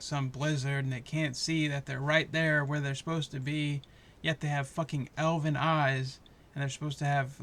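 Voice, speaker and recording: A man giving a heated, profane, passionate review of a show, talking in a casual rant. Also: medium pitch.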